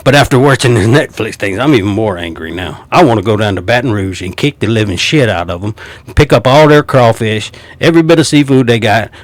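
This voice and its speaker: A man's voice: fairly low pitch, no echo. A man, ranting profanely about college football rankings. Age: 50s. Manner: profane, heated and mocking. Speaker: sports commentator. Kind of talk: ranting sports commentary.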